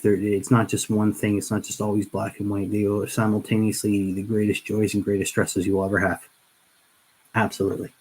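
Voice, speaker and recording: A middle-aged man talks casually to his livestream audience as he works on painting miniatures. His somewhat low voice wanders earnestly from thought to thought, frequently starting sentences over, all captured on poor-quality audio.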